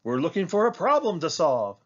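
A man's voice: fairly high pitch, huge pitch swings, a little fast, highs cut off, voice pushed up. A man reading the part of a cheerful schoolteacher welcoming a pupil in a picture book.

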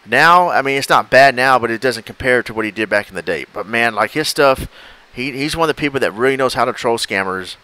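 A man's voice: mid-range voice, expressive, brisk, pushed and bright. A man co-hosting a podcast in casual chat, enthusiastic and rambling as he recounts videos. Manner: enthusiastic, rambling, acts out clips. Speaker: podcast co-host.

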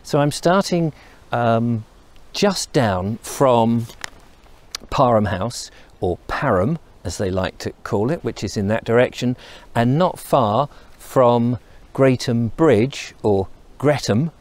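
A man's voice: medium pitch, expressive, slow, a little mellow. A middle-aged man from England vlogging outdoors while walking through countryside and woodland, chatty and enthusiastic, wandering off into asides. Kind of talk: casual outdoor walking vlog.

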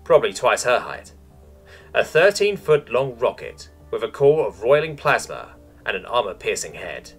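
A man narrating a science fiction story in a scripted, expressive reading. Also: medium pitch, breathy edge.

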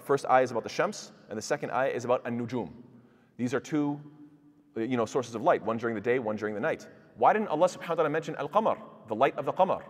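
In a mosque hall, a Quran teacher delivers a tafsir lecture, explaining verses by posing rhetorical questions to his audience and reciting the Arabic in classical pronunciation. His medium-pitched voice carries a big-room sound.

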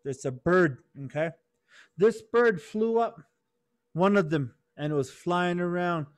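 A man telling a moral story to children at a youth conference, animated, and calling on listeners by name. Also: high-pitched, a little slow.

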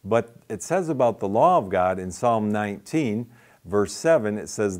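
A man's voice: lowish voice, animated, moderate pace, darkish tone. A man teaching street evangelism, earnest and plain-spoken, repeating phrases for emphasis. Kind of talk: teaching with a retold anecdote.

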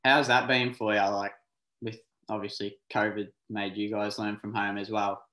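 A man's voice: on the low side, level tone, moderate pace, sharp tone. A young Australian man in his late teens hosting a podcast, asking questions in an easygoing way with plenty of ums. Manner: easygoing, filler-heavy questioning. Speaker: podcast host. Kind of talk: casual interview questions. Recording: roomy echo.

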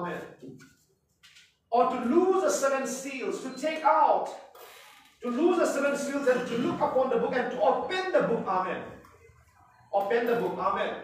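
A man with a very high-pitched voice gives a preachy Bible class lecture, reading verses slowly and dotting every point with amen and hallelujah. He is heard from across a very echoey classroom, with a faint hiss underneath. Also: expressive. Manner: emphatic, peppers speech with amen and hallelujah; reads scripture verses slowly and deliberately. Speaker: Bible teacher and pastor. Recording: echoey room from far off, faint noise.

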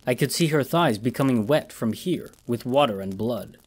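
A man narrating a horror audiobook in a steady, measured storytelling voice. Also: medium pitch, slightly rough.

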